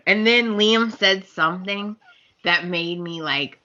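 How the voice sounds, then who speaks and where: A woman's voice: fairly low pitch, slow, lo-fi sound. A woman co-hosting a podcast, chatting casually as she recaps soap opera episodes and acts out the characters' lines with laughs. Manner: animated storyteller, acts out scene quotes with laughs. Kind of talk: casual chat.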